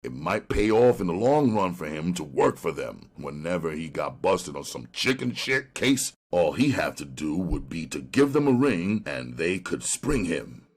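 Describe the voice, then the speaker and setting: A man narrating a crime audiobook in an expressive storytelling manner. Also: sits low, measured pace, few pauses, breathy edge.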